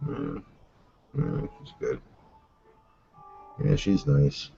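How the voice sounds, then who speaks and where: Deep-voiced man, low-key and mumbling. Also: sing-song, drawn-out words, vocal fry, dark tone, faint music behind. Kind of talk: casual livestream chat. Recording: lo-fi livestream audio.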